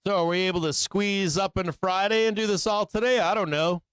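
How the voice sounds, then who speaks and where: A man's voice: high-pitched, fairly even intonation, fairly quick, a bit bright, smooth, no room sound. A man hosting a live trading show, talking casually through chart analysis and tossing out rhetorical tag questions. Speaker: host.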